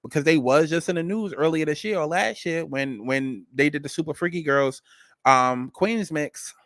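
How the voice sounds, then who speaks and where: A man's voice: a little high, moderate pace, fairly bright tone, dry recording, clean studio sound. Blunt, cussing male gossip host. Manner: blunt, emphatic, repetitive, cussing. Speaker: commentary host. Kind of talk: celebrity gossip and astrology commentary.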